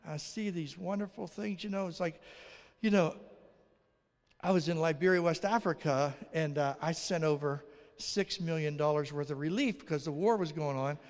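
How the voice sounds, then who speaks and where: A male pastor delivers a sermon full of stories, jumping into other people's voices as he acts out each exchange. His voice is gravelly and sits a little high, and it rings with the long reverb of a big hall. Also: moderate pace. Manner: animated, acts out dialogue in raised voices. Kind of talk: sermon with storytelling.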